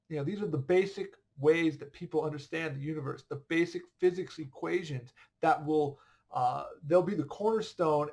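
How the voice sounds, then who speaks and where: A man teaches an online history class with a slightly higher voice than most men. He talks in a loose, conversational way and keeps checking whether the students are following along. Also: darkish tone. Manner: conversational, checks understanding often. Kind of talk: casual online lesson.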